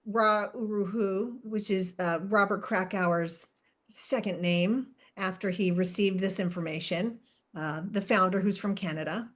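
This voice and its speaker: A woman's voice: medium pitch, steady tone, unhurried. A woman co-hosting a podcast in casual chat, talkative and often laughing as she wanders off track. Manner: chatty, laughs often, self-interrupting. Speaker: podcast co-host.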